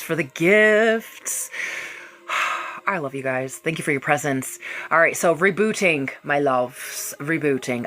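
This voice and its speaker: A low-pitched woman leads a casual reiki healing livestream, gushing affection at her viewers and cursing freely as she goes. Soft music plays faintly in the background. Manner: effusive, affectionate and swearing freely. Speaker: reiki practitioner hosting a livestream.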